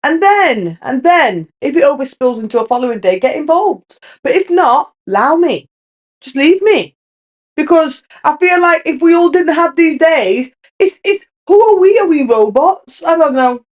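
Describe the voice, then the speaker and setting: A woman's voice: sits high, lively intonation, moderate pace, hardly any pauses. A young woman, hosting her own podcast, talking candidly and rambling with many restarts. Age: young adult. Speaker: podcast host. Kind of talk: casual solo chat.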